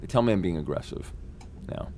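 Animated, profane man telling a story. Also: low voice, fairly quick, slight background noise. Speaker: actor guest. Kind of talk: casual anecdote in an interview.

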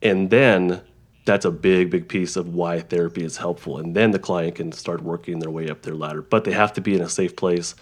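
A man who works as a therapist, explaining ideas in a halting conversational way, with frequent restarts and examples. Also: deep voice, fairly even intonation. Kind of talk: conversational interview.

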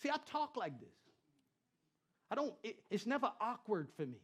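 Man, pastor, lively sermon, high voice, repeats phrases, banters with congregation. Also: moderate pace, husky. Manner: animated preaching with repetition and crowd banter. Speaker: pastor and Christian rapper.

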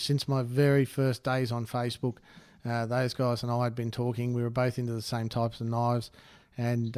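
A man's voice: medium pitch, a little mellow, smooth, dry recording, studio quality. A man co-hosting a podcast, easygoing and chatty, calling people mate. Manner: easygoing, says mate, laughs often. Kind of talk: casual chat.

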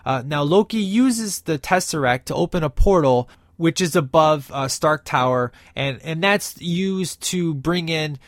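Excited man rambling through a movie recap. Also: fairly high pitch, unhurried, hardly any pauses, dry recording, studio quality. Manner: enthusiastic, rambling with many fillers. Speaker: movie reviewer. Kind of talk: casual spoiler review.

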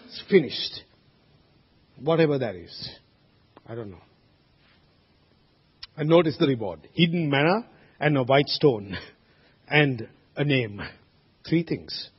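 Pastor, male, husky and high, earnest sermon delivery with loud peaks and soft asides; dull lo-fi church recording. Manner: earnest, swings from loud exhortation to quiet asides. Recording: dull lo-fi sound with long hall reverb.

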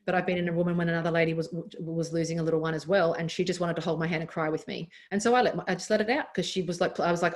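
A woman's voice: on the low side, steady tone, rapid-fire, hardly any pauses. An Australian woman in her thirties, a doctor and former athlete, talking candidly as a podcast guest with frequent laughs and restarts. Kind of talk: casual interview chat.

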